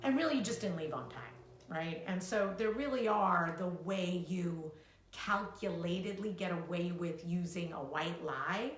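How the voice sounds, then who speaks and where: A woman co-hosting a live talk, animated and quick to act out little quoted voices, swearing freely. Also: fairly low pitch. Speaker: co-host, coach. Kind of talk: live-streamed casual talk. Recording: echoey room.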